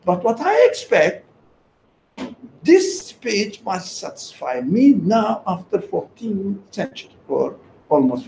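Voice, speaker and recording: A small group hears an emphatic lecture from a man with a high, slightly mellow voice, recorded in an echoey room with faint ambience and a little hiss or hum. He repeats key phrases and questions the audience.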